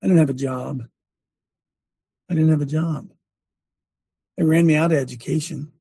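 A man's voice: a little high, fairly even intonation, normal speed, dark tone, breathy edge, dry recording. An older man and former coach giving a sermon-like testimony, telling it emphatically with many repeats and restarts. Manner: breaks off to direct a helper at a screen.

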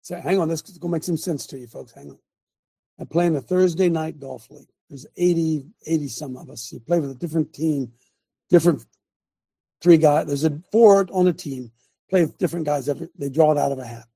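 A man's voice: on the high side, fairly quick, creaky, warm tone, husky, dry recording. A man hosting a casual group Bible discussion over a video call, telling folksy stories with rhetorical asides. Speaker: host and Bible study leader called Coach.

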